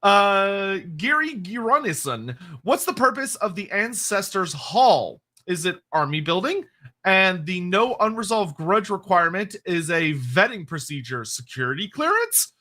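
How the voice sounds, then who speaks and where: A man's voice: high-pitched, big pitch swings, unhurried, bright, forceful tone. A man co-hosting a casual livestream, answering chat questions at length with frequent restarts and laughs. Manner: rambling, restarts, laughs often.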